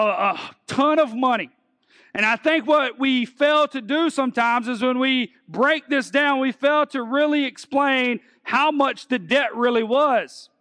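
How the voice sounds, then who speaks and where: A man's voice: extremely high pitch, a bit bright, long reverb tail. A man preaching a sermon, earnest and repeating words as he builds his points. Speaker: pastor.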